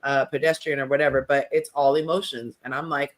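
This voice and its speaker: A woman hosting a casual panel podcast, telling stories with lively acted-out quotes. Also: extremely low pitch, brisk. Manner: animated storytelling, acts out quotes. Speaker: podcast host.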